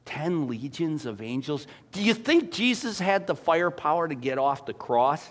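A man preaching a sermon, telling stories with big swings from quiet, low passages to loud, excited ones. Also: normal speed. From former dairy farmer. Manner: animated storytelling, swings from soft to loud. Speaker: pastor.

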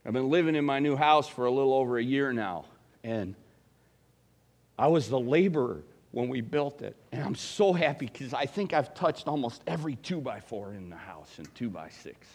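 A man's voice: mid-range voice, expressive, moderate pace. A middle-aged man preaching a sermon in a conversational, folksy way, asking the congregation questions. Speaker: pastor.

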